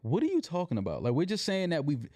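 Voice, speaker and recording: A man's voice: fairly high pitch, huge pitch swings, fast talker, mellow, no echo, clean studio sound. A man co-hosting a podcast, chiming in to agree and then speaking tersely and with exasperation about a money dispute. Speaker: podcast co-host. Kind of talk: candid podcast talk.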